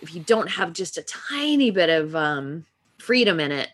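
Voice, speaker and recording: A woman's voice: on the low side, normal speed. A woman from Texas, an actress and improviser, telling stories in a casual interview and laughing often. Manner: animated storytelling, laughs often.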